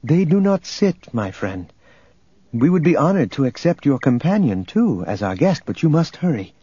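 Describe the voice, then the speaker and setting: A man's voice: a little high, very animated, moderate pace, mellow, husky, dry recording, voice pushed up. A man voicing an earnest, anxious young boy in an audiobook. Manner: anxious, pleading. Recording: dull lo-fi recording, faint music.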